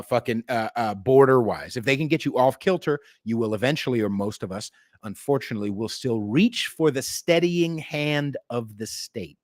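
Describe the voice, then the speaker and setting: A middle-aged podcast host with a mid-range voice, recorded dry and at studio quality, rants about politics. He's animated and sarcastic, swears a lot, and now and then mocks others in put-on voices.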